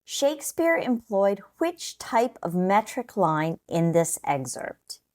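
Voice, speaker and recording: A woman narrating a scripted test-prep lesson in a slow, measured, explanatory way. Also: medium pitch, very animated, a little mellow.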